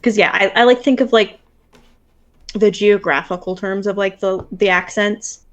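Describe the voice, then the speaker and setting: Brief: woman with a Wisconsin accent, relaxed stream chat, lots of fillers. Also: medium pitch, normal speed. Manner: casual, filler-heavy, laughs easily. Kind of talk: casual chat on a livestream.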